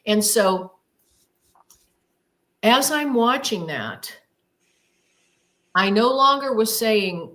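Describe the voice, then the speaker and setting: A woman at a middle pitch retells her story as an interview guest. She talks with emphasis and drama and voices her own thoughts aloud as she goes. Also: animated, slow, pauses often, bright, forceful tone.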